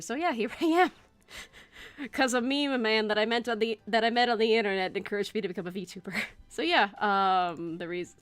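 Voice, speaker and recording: A woman streamer chatting casually and rambling, laughing often, with faint game music playing behind. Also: medium pitch. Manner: rambling, giggly, many fillers. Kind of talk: casual livestream chat. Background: faint background game music.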